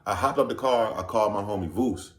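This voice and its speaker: A man's voice: lowish voice, fairly quick. A man from Virginia telling a story casually to camera, loose and rambling, often saying "you know what I'm saying". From Virginia, USA. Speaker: vlogger. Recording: echoey room.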